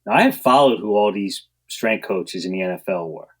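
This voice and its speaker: Lively low-voiced man telling stories. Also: a little fast, breathy edge. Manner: animated storyteller, acts out quotes, laughs often. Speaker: guest, strength coach. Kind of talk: storytelling in a podcast interview.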